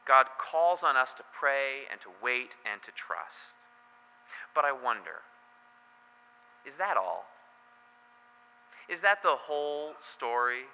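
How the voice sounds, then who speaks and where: A man's voice: mid-range voice, pushed and bright, a little hiss or hum. A man as pastor preaching a sermon in a church, telling the story in a conversational way with joking asides. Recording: long hall reverb.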